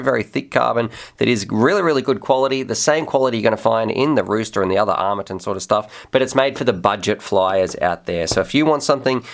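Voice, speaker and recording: A man hosting a casual drone review with an upbeat, chatty manner, doubling words for emphasis. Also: mid-range voice. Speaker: host of a drone review channel.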